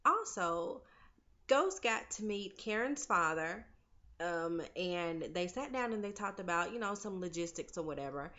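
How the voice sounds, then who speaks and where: A woman's voice: fairly low pitch, animated, unhurried, sharp tone, highs cut off. A woman casually recapping a TV episode, opinionated and chatty, talking straight to her viewers as "y'all" and "honey". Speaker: TV recap vlogger.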